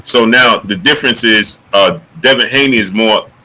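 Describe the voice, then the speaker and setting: A man hosting a casual boxing talk livestream, greeting chatters by name and jumping into high excited exclamations. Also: normal speed, slight background noise, rough recording. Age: adult. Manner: animated, rising to high excited exclamations when joking. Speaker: livestream host.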